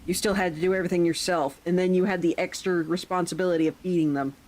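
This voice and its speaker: A woman's voice: lowish voice, fairly even intonation, quick pace, a little mellow, poor audio. A woman streaming live, chatting casually in a rambling way, with occasional swearing.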